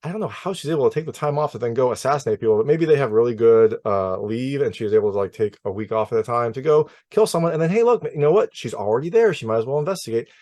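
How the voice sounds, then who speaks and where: A man's voice: medium pitch, quick pace, few pauses, a little mellow, no room sound. A man in a mid-range voice chats through his take on a film in a loose, conversational way. He leans on fillers and often restarts his sentences. The sound is close and dry. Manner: chatty, many fillers and restarts. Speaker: film reviewer. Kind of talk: casual spoken movie review.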